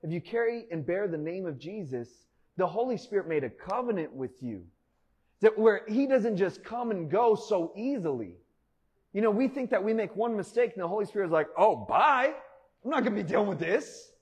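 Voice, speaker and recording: A man's voice: high-pitched, fairly quick, husky. A man preaching a sermon in a conversational way, telling a personal story with frequent "like" fillers and laughter. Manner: conversational, animated, laughs often, many "like" fillers. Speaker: pastor.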